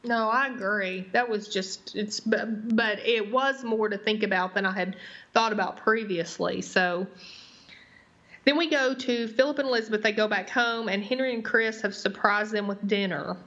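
A woman's voice: medium pitch, moderate pace, fairly bright tone. A woman co-hosting a casual TV recap podcast, talking in a hesitant way with lots of "I mean" and "I don't know". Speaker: podcast co-host. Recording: dull lo-fi podcast audio.

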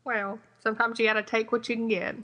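Woman chatting about a show, bright fairly high voice, kinda skeptical, quotes her notes. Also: flat delivery, fast talker. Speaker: podcast co-host. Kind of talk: casual chat reviewing TV episodes.

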